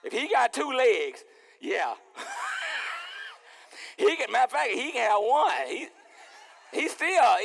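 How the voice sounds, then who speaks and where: A man preaching as pastor in a lively, playful sermon, acting out little scenes and repeating his words. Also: very high-pitched, creaky, long reverb tail. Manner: animated, playful, repeats words, acts out dialogue. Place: church sanctuary.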